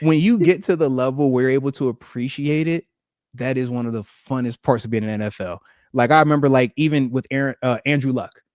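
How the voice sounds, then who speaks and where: A man's voice: medium pitch, quick pace, no room sound, clean studio sound. A man in his thirties, a retired linebacker hosting a casual sports chat, telling stories and acting out quotes in slangy banter. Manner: animated storyteller, acts out quotes in slangy banter. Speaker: host, retired football linebacker.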